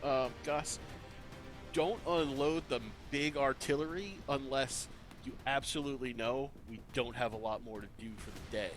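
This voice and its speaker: A man's voice: mid-range voice, moderate pace, soft background music. A man in casual chat among tabletop players, giving advice and repeating his words as he starts.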